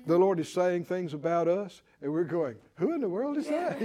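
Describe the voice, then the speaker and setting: A man preaching a sermon, animated and acting out Bible figures with chuckles. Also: high voice, noisy background.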